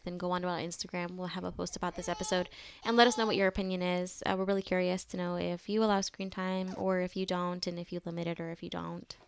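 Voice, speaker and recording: Young woman cohosting a mom podcast, easygoing chat, lots of yeahs, normal pitch. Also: a little hiss or hum. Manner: chatty, quick agreeing "mm-hmm" and "yeah". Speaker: podcast co-host, mother. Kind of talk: casual chat.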